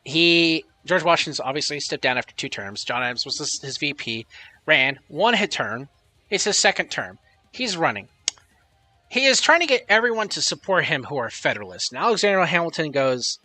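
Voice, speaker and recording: A man's voice: on the high side, sing-song, moderate pace, bright, forceful tone, no room sound, soft background music. A man streaming live, chatting casually and rambling with lots of swearing while reading chat messages aloud.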